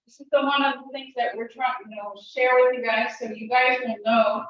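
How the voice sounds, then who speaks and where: A middle-aged woman teaching a casual language class, chatting, laughing often and slowly repeating words to drill pronunciation. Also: a little high, fairly even intonation, fairly bright tone. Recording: roomy, distant, dull, faint hiss.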